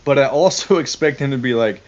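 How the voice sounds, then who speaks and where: A man's voice: medium pitch, brisk. A man co-hosting a podcast chat, cursing casually and breaking into laughter as he talks. His voice sits in an ordinary middle register. The sound is a bit dull and lo-fi. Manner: profane, laughs often. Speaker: podcast co-host. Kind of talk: casual chat about a film over beer.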